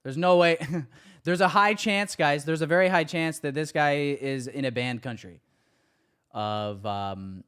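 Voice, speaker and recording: A man's voice: on the high side, a little slow, clean tone. Hyped-up male livestream host. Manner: excitable, hype banter with chat. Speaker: livestream host running giveaways. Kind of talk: casual livestream chat.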